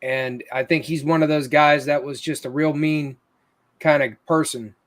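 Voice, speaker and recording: Casting note: male ghost hunter, higher-pitched, earnest, explanatory. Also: fairly even intonation, a little slow. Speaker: paranormal investigator. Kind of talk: casual chat.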